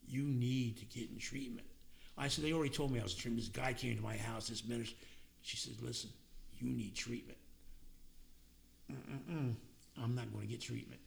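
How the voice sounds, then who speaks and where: A man's voice: medium pitch, fairly even intonation, moderate pace, creaky, pauses often. An older man telling his own recovery story in plain, casual words, acting out the voices of the people in it. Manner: plainspoken, acts out quoted voices. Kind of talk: personal storytelling at a meeting.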